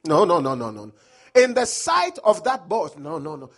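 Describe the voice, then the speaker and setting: A male preacher with a husky voice delivers an emphatic sermon. His pitch sits high and leaps around a lot as he quotes scripture and drives his points home. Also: huge pitch swings, unhurried.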